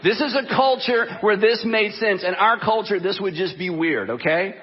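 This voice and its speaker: A man preaching a sermon in an animated, conversational way, acting out the quotes as he goes. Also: high-pitched, normal speed, big-room sound, dull audio, slight background noise. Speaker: pastor.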